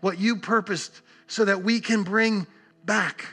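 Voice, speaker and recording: A man preaching acts out an anguished man praying, pleading and halting over repeated words. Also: sits high, steady tone, bright, forceful tone, heavily acted.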